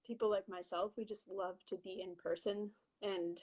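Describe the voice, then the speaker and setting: A woman's voice: medium pitch, steady tone, moderate pace, darkish tone, husky, rough recording. A young woman who is a guest on a video call, chatting in a friendly, hesitant way with many ums. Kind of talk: casual video-call chat.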